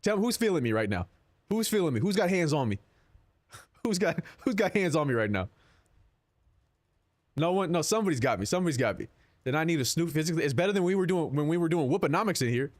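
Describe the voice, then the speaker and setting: A man's voice: on the high side, expressive, quick pace, long pauses, no echo, clean studio sound. A young man streaming live, chatting casually with his viewers in a rambling, profane, joking way. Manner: rambling, profane, jokey, answers chat.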